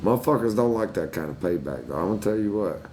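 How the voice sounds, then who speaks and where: A man's voice: sits low, lively intonation, quick pace, darkish tone, slight background noise. A man telling crude stories from his childhood in a casual chat, swearing freely and laughing at himself.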